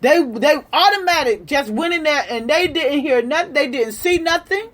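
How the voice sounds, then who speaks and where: A woman's voice: sits high, lively intonation, normal speed. A woman delivering a heated, profane political rant, repeating her points with emphasis. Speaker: political commentator.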